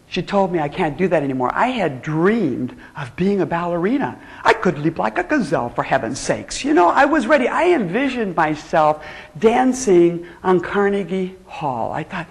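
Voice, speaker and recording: A woman on a stage telling a playful, animated story as a motivational speaker. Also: normal speed, gravelly. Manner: animated, playful, big swoops of pitch. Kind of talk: storytelling keynote speech. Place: stage in a spotlight.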